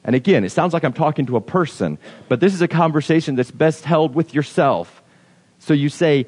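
Preaching a sermon conversationally, a man with a fairly high, expressive, darkish voice speaks briskly and acts out his listeners' objections. A long reverb tail trails his words.

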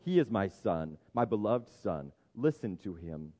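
A man voicing God the Father as a solemn, loving male voice, speaking slowly. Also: on the low side, very animated, warm tone, in a large hall, pitched below the performer's own voice.

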